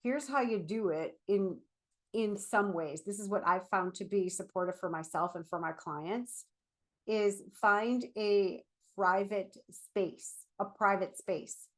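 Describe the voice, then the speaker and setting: A middle-aged woman therapist giving a casual, animated talk while standing up. She fills her speech with "like" and "right?". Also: mid-range voice, takes it slowly. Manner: chatty, animated, with frequent "like" and "right?"; speaking while standing and moving about. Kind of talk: casual explanatory vlog talk.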